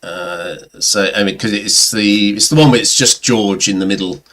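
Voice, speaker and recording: A man's voice: on the low side, normal speed, a bit bright. Middle-aged man spinning rambling anecdotes. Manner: rambling anecdotes with mimicked voices. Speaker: guest. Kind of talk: casual chat about records. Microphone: webcam or computer mic on a livestream.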